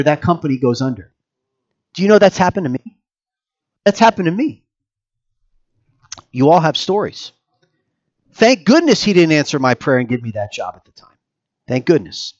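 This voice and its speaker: Male pastor, lively conversational sermon delivery, high and very expressive pitch. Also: highs cut off. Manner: animated, conversational preaching with audience questions.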